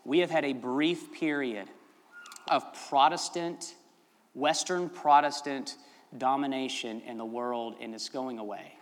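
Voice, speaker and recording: A man's voice: mid-range voice, unhurried, big-room sound. A man preaching as pastor, telling a story in a chatty, rambling way and laughing at his own asides. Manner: chatty, rambling, self-amused. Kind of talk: sermon storytelling.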